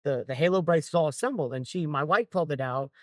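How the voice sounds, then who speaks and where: A man with a fairly high speaking voice tells a long story to two hosts, relaxed and animated. He jumps into other people's lines as he goes, and the sound is dry and close with no room around it. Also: fast talker, no echo. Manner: lively, acts out other people's lines while telling a story. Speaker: guest metal artist. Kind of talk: casual storytelling interview.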